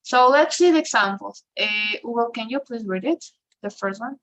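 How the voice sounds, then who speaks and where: A woman's voice: a little high, lively intonation, normal speed, fairly bright tone, low-quality recording. A woman teaching an English class over a video call, explaining step by step with many fillers and tag questions. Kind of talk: online class instruction.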